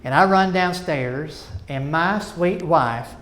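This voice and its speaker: A middle-aged man doing stand-up storytelling on stage, animated and self-mocking, with chatty asides to the audience. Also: fairly high pitch, takes it slowly. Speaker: stand-up comedian. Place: stage before a live audience.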